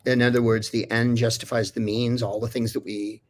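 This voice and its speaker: His mid-range voice is flat and brisk, with a faint hiss or hum behind it. As a guest on a livestream talk show, he spins digressive stories in casual chat, often restarting sentences and filling gaps with fillers.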